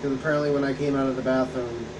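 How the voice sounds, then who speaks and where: Very fast and with little pitch movement, a mid-range male voice carries casual chat over gameplay. He's a gaming channel co-host telling rambling, profane stories, recorded on a distant mic with a hum in the background.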